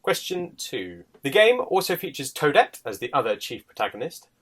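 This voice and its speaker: A man's voice: on the high side, big pitch swings, normal speed, a bit bright. A man hosts a casual podcast and runs its quiz, his voice riding up and down a lot and sitting a little above the usual. He talks over a video call in a jokey, self-mocking way, often breaking into laughter. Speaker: podcast host and quizmaster.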